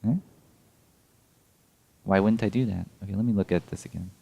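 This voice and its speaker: A man's voice: deep voice, steady tone, racing, vocal fry, dark tone. A young man casually explaining his game run frame by frame, rambling and correcting himself with small laughs. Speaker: speedrun player explaining a tool-assisted run.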